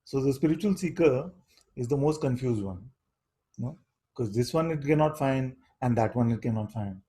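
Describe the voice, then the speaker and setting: A man giving a satsang talk as a spiritual teacher, speaking in an unhurried, questioning way and often asking "you see?". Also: mid-range voice, expressive, dark tone, slightly rough, poor audio.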